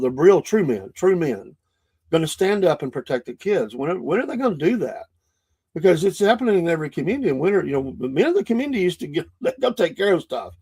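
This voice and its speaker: Rambling Southern man, slightly high voice. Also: gravelly, darkish tone. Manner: rambling, folksy storytelling with frequent restarts. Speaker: podcast host. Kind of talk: casual monologue.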